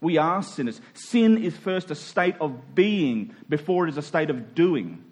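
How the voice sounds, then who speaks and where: A male pastor preaching a sermon, emphatic, slowing down to stress key words. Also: a little high, expressive, husky.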